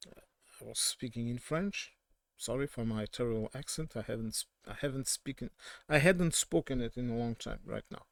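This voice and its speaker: A man's voice: medium pitch, normal speed, gravelly, dry recording. Portuguese man giving opinionated commentary. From southern Portugal. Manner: opinionated, digressive, frequent self-corrections. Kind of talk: casual political commentary.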